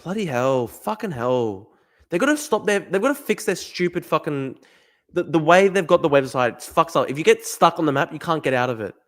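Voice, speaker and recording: A man's voice: a little high, very animated, fairly quick. Australian man swearing through a live stream. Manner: swears often, thinks aloud, talks to chat. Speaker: livestreamer. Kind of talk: casual live-stream commentary.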